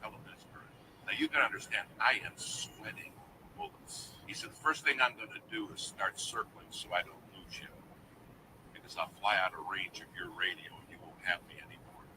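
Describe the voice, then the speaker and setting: A man's voice: lowish voice, animated, moderate pace, distant mic, background noise. A man preaching a sermon through a dramatic personal story, dropping to a near whisper at the tense moments.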